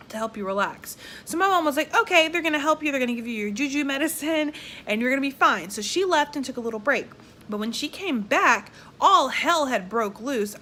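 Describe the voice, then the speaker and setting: A woman's voice: medium pitch, a little hiss or hum. A young woman with a Southern US accent, telling her own story casually and bluntly, often swearing and acting out what other people said. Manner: candid and blunt, with frequent profanity; animated, acts out quoted people. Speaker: vlogger.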